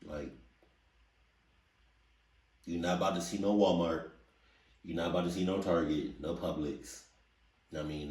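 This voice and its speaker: A man hosting a reaction video in casual commentary, animated and repeating rhetorical questions. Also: very deep voice, distant mic. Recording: roomy sound from off mic.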